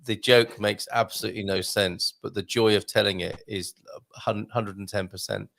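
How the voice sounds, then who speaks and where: A man's voice: lowish voice, fairly even intonation, moderate pace, gravelly, fairly bright tone, dry recording, studio quality. A British man in his thirties hosting a casual talk show, jokey and playful, bantering with his guest. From Britain. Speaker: host.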